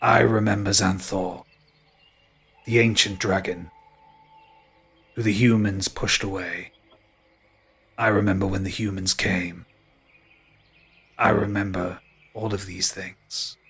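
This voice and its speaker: A man doing an ancient slow tree spirit. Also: fairly even intonation, vocal fry, fairly bright tone, husky, heavily acted. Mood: solemn. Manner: slow, deep, solemn and weary.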